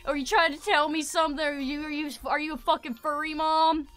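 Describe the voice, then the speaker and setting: Woman voicing a loud, whiny southern brat kid, high-pitched and demanding. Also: steady tone, fairly quick. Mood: indignant. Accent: Southern US, put on. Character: whiny bratty southern kid boy nagging his mom. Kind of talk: comedic voice while streaming a game.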